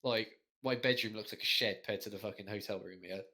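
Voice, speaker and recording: A man's voice: fairly low pitch, fairly even intonation, quick pace, sharp tone. A young man, co-hosting a podcast in a rambling, storytelling way with a lot of swearing. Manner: rambling storyteller, heavy swearing, frequent laughs. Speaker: podcast co-host. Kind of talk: casual chat.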